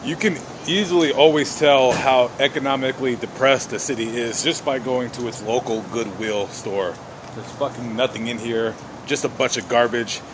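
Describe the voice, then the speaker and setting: A man's voice: medium pitch, fairly even intonation, moderate pace, heavy background noise. A tired man rambling and ranting crudely in a vlog, recorded outdoors in a city. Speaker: vlogger.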